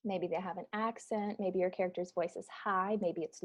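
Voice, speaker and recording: A woman's voice: mid-range voice, brisk, hardly any pauses. A woman teaching an online improv class in a casual way, with plenty of fillers. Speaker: improv instructor. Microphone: video call.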